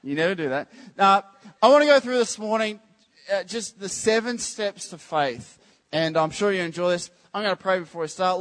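A man preaching a casual, joking sermon to a church congregation, teasing the crowd with quick questions. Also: sits high, expressive, fairly bright tone. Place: church service.

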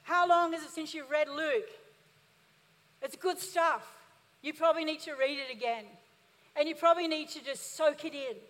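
A woman pastor with a very high voice preaches with emphatic, rising energy, drawing responses from her listeners. Her voice rings out in a long church-hall reverb. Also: normal speed, pauses often, a bit bright. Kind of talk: sermon.

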